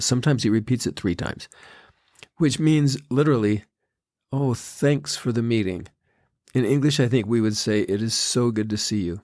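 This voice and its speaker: An older man hosting a podcast, telling stories in a gentle, unhurried devotional talk. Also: medium pitch, dry recording, studio quality. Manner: gentle, unhurried storytelling with quoted foreign phrases. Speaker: podcast host. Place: Tahiti.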